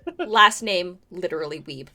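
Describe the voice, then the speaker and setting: A woman's voice: lowish voice, moderate pace, pushed and bright. A woman hosting a casual livestream chat, laughing, swearing and rambling. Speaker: podcast host.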